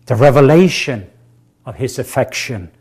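A man preaching and praying, leading listeners in spoken affirmations, hushed and tender in prayer and swelling when he proclaims. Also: mid-range voice, lively intonation, moderate pace, slightly rough. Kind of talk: sermon with prayer and call-and-response affirmations.

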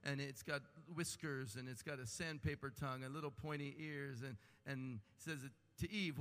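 A man preaching a sermon with animated delivery and humorous asides. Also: mid-range voice, moderate pace, few pauses. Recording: long hall reverb.

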